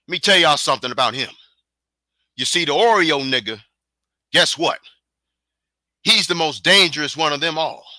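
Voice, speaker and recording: A man with a high, piercing, tense voice rants angrily on his solo podcast, hurling taunts at his listeners. The sound is close and completely dry, with no room around it. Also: sharp tone, no room sound. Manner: heated, profane, taunting with repeated challenges. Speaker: podcast host. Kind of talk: angry solo podcast rant.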